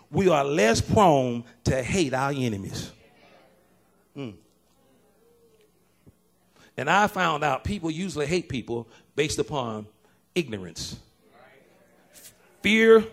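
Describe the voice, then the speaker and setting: Pastor guy preaching, high voice, gets loud then drops quiet, jokes around. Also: vocal fry. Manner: animated, swings from low and quiet to shouting; laughs and jokes with the congregation. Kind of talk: sermon.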